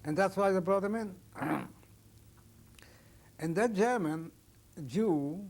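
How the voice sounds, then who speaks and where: A Holocaust survivor in his sixties gives oral history testimony, telling his story plainly and haltingly and often restarting sentences. His voice is high-pitched with a darkish tone.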